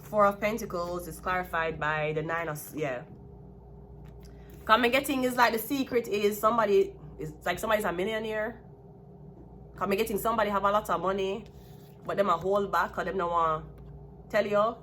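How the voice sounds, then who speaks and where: A woman's voice: medium pitch, normal speed, pauses often, a bit bright, a little hiss or hum. A woman with a Jamaican accent giving a solo tarot reading, talking bluntly and with plenty of profanity. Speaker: tarot card reader.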